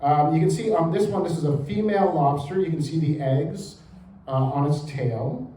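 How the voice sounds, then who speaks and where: A man gives a public talk to a live audience, chatty and quick to crack a joke. His voice sits a bit high but has a mellow tone. The room is echoey, with faint background ambience. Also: a little hiss or hum. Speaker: museum director and historian giving a talk. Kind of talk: public lecture. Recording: roomy hall with faint ambience.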